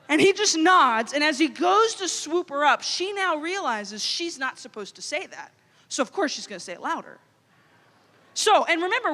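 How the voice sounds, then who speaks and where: Woman, high bright voice, comic storytelling, long hall echo. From Louisiana. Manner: animated, comic storytelling with quoted inner voices. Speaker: youth conference speaker. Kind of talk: storytelling keynote talk. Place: large hall.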